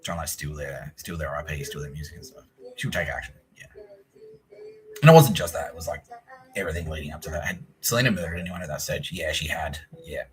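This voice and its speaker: A man's voice: extremely low pitch, expressive, fast talker, a little hiss or hum, rough recording. Profane rambling Australian man. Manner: profane, rambling, mimics people in quoted asides. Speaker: podcast host. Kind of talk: rambling solo podcast monologue.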